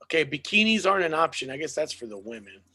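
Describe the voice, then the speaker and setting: High, gravelly man chatting casually. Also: big pitch swings, fast talker, bright, forceful tone. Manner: loose, profane, joking. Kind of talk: casual chat.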